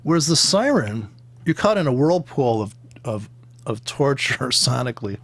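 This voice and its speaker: A man's voice: medium pitch, sing-song, moderate pace, no echo. A man rambling through casual, joking commentary on forex trading, swearing freely and wandering off into tangents. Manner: profane, joking, tangent-prone, with laughs and sound imitations.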